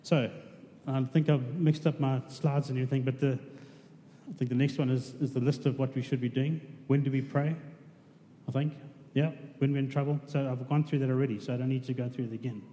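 A man's voice: mid-range voice, steady tone, a little fast, dark tone. A man preaching a conversational sermon, asking his congregation questions. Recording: reverberant hall with faint noise.

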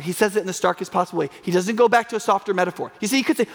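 A man's voice: high voice, lively intonation, rapid-fire, hardly any pauses. A man preaching a sermon in a casual, conversational way, asking rhetorical questions and acting out the people he quotes. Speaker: pastor. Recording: long reverb of a large hall.

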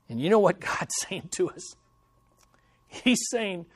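A man preaching a sermon as pastor, delivering lines with dramatic, slow, punchy emphasis. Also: high-pitched, lively intonation, slightly rough, no room sound.

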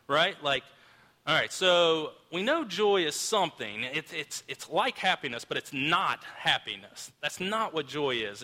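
Bright-voiced casual male pastor. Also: a little high, long reverb tail. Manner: casual, storytelling, frequent restarts. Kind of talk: sermon.

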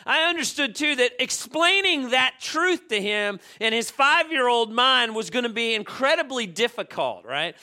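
Middle-aged pastor guy preaching, chatty then fired up, high bright voice. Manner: conversational, building to emphatic preaching. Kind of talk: sermon.

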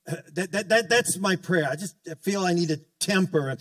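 A male pastor with a high-pitched voice preaches a sermon at a moderate pace, fervently calling out to the congregation and frequently restarting his sentences. The mic is distant, yet there's no room sound.

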